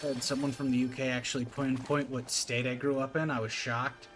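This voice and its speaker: A man's voice: medium pitch, level tone, fairly quick, music in the background. A man from Appalachia with a faint rural accent, chatting casually as a streamer and telling rambling stories full of fillers. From Appalachia, USA. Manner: rambling storytelling with many fillers. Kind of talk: casual chat while gaming.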